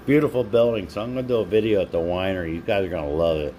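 A man's voice: deep voice, fairly even intonation, very fast, dark tone, muffled recording, a little hiss or hum. A man hosting a casual live stream, chatting with viewers by name and laughing often while he reads their comments. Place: home.

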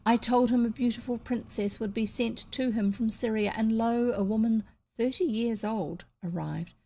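A woman's voice: a little high, moderate pace, dark tone. A woman voicing a courteous, scheming young male Egyptian priest who turns stern, in a read-aloud storybook. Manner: smooth and polite, then stern.

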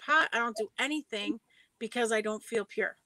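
A woman with a slightly high voice, speaking firmly and with emphasis as a guest in a casual chat. The recording is dry and close, with almost no room sound. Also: moderate pace, sharp tone, no echo, poor audio. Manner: firm, emphatic about her own way of working. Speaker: guest psychic medium.

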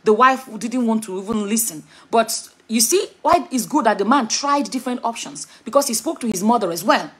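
Middle-aged Nigerian woman vlogger, husky and a touch high, frank, chatty, digressive. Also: lively intonation, fairly quick, hardly any pauses. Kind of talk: casual commentary to camera.

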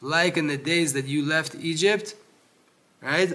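A man giving a Torah lesson who reads Hebrew passages quickly and explains them in English with frequent restarts. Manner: grows loud and high when animated, drops low when lecturing. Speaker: Torah teacher.

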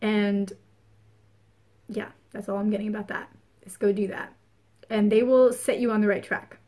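A woman's voice: mid-range voice, fairly even intonation, normal speed, warm tone. A woman giving a casual spoken astrology forecast, chatty and earnest, repeating phrases for emphasis. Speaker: spiritual reader.

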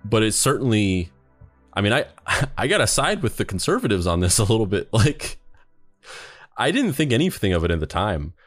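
A man's voice: fairly low pitch, sing-song, moderate pace, no echo, studio quality, soft background music. A man co-hosting a podcast who talks in a loose, rambling way with many restarts. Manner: rambling, full of fillers and restarts. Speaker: podcast co-host. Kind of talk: casual chat.

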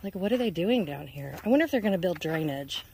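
A woman with a fairly low, slightly mellow voice talks fast and expressively, with slight background noise. She's vlogging casually into a handheld phone camera while walking along a neighborhood road outdoors, a little out of breath.

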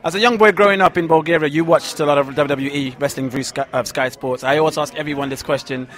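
A young man fires off quick, eager questions in a rapid, chatty flow. His voice is slightly high for a man. He is recording outdoors at an event. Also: steady tone, a bit bright. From London. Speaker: podcast host interviewer. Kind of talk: casual interview.

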